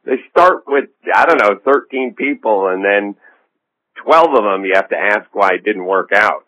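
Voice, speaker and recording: A comedian and podcast host talking in a phone interview, rambling and sardonic with a self-assured edge. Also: male voice, on the low side, animated, moderate pace, pushed and bright. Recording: dull lo-fi line.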